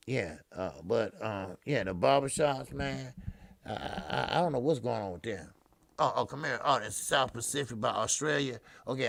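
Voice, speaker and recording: Gravelly, profane man calling a fight. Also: mid-range voice, dry recording, clean studio sound. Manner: profane, loose street-talk, laughs at himself; loud excited blow-by-blow when action starts. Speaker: boxing commentator. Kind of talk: casual live fight commentary.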